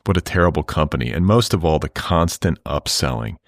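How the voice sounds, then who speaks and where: A man's voice: very deep voice, animated, brisk, no room sound, clean studio sound. A middle-aged man hosting a podcast, talking in a rambling, wry monologue with profane asides. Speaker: podcast host. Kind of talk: casual monologue.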